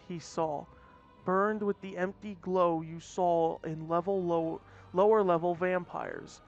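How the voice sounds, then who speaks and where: A man with a high voice reads a story aloud in a casual manner, often stumbling and restarting mid-phrase. The recording sounds muffled and lo-fi, with faint music in the background. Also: creaky. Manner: plain reading with frequent restarts. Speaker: story reader. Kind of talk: casual read-aloud narration. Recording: dull lo-fi audio, faint music.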